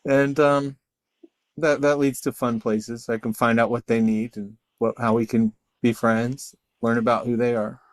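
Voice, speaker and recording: Animated self-deprecating man, dry sound. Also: mid-range voice, unhurried, no echo. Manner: animated, self-deprecating, acts out quoted voices. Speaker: guest, storyteller and artist. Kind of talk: casual conversational interview.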